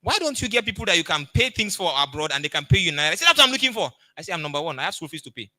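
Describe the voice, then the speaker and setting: A man's voice: fairly high pitch, lively intonation, very fast, bright, forceful tone, dry recording. A middle-aged man with a Nigerian accent, giving a motivational coaching talk and acting out the people in his stories. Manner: storytelling, emphatic, acts out dialogue.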